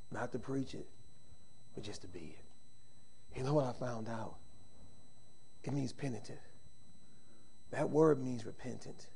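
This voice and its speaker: A middle-aged man preaches a sermon, swinging between shouted emphasis and quiet, intimate speech, using informal Southern-style phrasing. His mid-range voice is slightly rough, with vocal fry.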